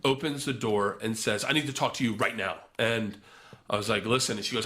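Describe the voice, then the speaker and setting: Talking fast in a medium-pitched voice, a young podcast guest recounts a wild story in casual conversation. He swears freely and animatedly acts out the voices of the other people involved.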